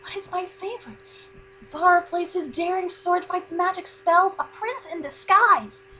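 A woman's voice: extremely high pitch, measured pace, sharp tone, a little hiss or hum, full character voice, low-quality recording. A woman voicing a bookish, wistful young cartoon heroine, light and singing.

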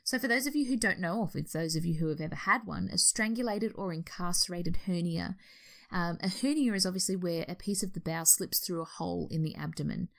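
A woman's voice: fairly low pitch, brisk, vocal fry, fairly bright tone. An Australian woman, a nurse educator, explaining a history topic in an informal way, correcting herself as she goes. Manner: explanatory, with restarts and self-corrections.

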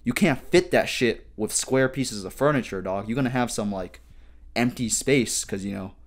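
A man in his twenties hosting a solo comedic podcast, rambling and swearing with heavy slang and animated outbursts. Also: mid-range voice, normal speed. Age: 20s. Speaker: podcast host.

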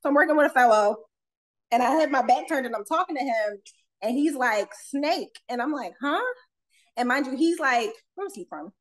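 A woman with a notably high voice tells workplace stories in an animated, casual way. She laughs often and slips into acting out the lines of the people in her stories. She sounds like a young adult guest chatting on a podcast. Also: a little fast, low-quality recording. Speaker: autopsy technician guest. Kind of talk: casual storytelling in a podcast interview.

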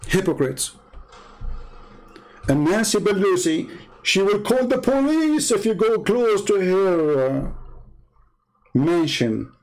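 Combative Arabic-accented man, higher voice. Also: big pitch swings, slow, long pauses, a little mellow, low-quality recording. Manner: combative, mocking, name-calling. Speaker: online commentator. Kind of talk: heated political monologue.

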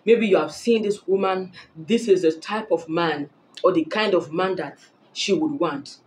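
A woman with a slightly low, full voice lectures men on dating in a firm, preachy tone. She hammers her points home by repeating them. Her delivery is direct and confident, with a faint hum underneath. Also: measured pace, darkish tone, rough recording. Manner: emphatic, preachy, repeats phrases for emphasis. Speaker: dating advice vlogger. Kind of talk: direct-to-camera advice talk.

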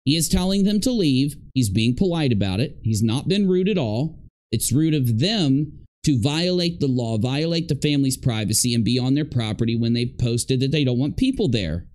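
Emphatic man with a lively voice. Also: medium pitch, moderate pace. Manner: emphatic, indignant, repeats points for stress. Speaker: commentator reacting to clips. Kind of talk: reaction commentary.

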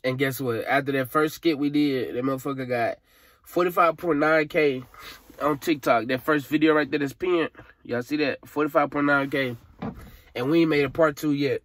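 A young Alabama vlogger, crying as he vents to camera, has a voice that's a little high and fairly bright, with a moderate pace. His emotional rant is frustrated, rambling, profane, and slangy.

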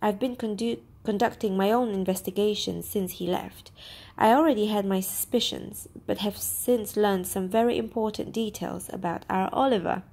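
A woman reading as a kindly old gentleman, anxious. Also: medium pitch, steady tone, moderate pace, vocal fry. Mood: earnest.

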